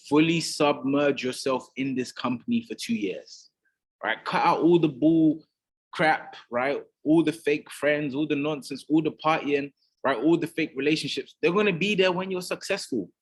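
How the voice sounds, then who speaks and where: Man, business mentor, motivational talk, emphatic, husky voice, keeps saying "right?". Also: fairly high pitch.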